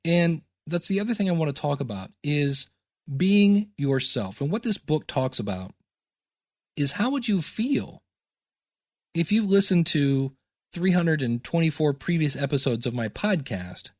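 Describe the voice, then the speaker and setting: A man's voice: fairly high pitch, expressive, a little slow, darkish tone, no room sound, studio quality. A middle-aged man teaching podcasting in a chatty, self-deprecating solo talk with goofy asides.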